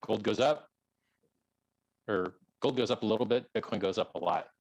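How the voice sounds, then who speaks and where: An emphatic man arguing in a live-streamed debate, hammering his points with repetition. His voice is low, and the close mic sounds dry with no room around it. It clips when he gets loud. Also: normal speed, no echo, low-quality recording. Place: outdoors.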